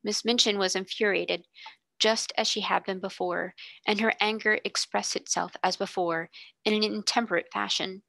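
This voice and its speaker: A woman tutor reading a classic novel aloud in a steady, expressive way. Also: mid-range voice, moderate pace, gravelly, no room sound.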